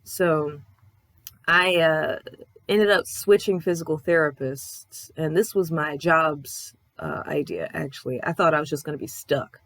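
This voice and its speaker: Young woman vlogger, lowish voice, dry close sound; candid, cussing, rambling storyteller. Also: steady tone, measured pace, fairly bright tone, no room sound. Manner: acts out other people's lines in quoted voices. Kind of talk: casual life-update chat.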